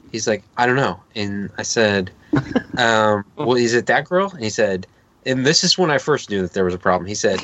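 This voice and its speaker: Fairly low in pitch and fairly quick, his voice comes with slight background noise. He's a podcast co-host in his thirties, rambling through a long anecdote in a casual chat with laughs and quoted voices, very animated.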